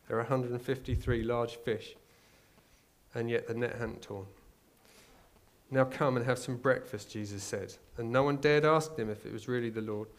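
A male preacher delivering a sermon, moving from quiet storytelling to loud, urgent exhortation. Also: medium pitch.

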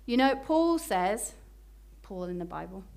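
A woman preaching a sermon, slowing down to stress key phrases. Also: medium pitch, sing-song, gravelly, darkish tone, slight background noise. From Britain.

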